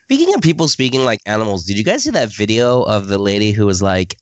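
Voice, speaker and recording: A man's voice: fairly low pitch, sing-song, quick pace, dry recording. A man co-hosting a casual podcast, telling stories wryly and swearing casually. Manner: wry, storytelling, swears casually. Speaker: podcast co-host.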